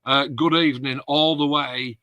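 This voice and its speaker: Male host, chatty and bright, dry close sound; reads viewer comments on a live stream. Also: mid-range voice, steady tone, normal speed, no echo, muffled recording. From England. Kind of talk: casual live-stream chat.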